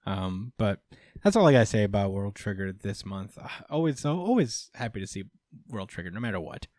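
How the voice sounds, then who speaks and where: A man's voice: fairly low pitch, sing-song, fairly quick, darkish tone, no room sound, clean studio sound. A man hosting a casual podcast, recapping with lots of fillers and acted-out quotes. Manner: rambling recap, many fillers, acts out quotes. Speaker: podcast host.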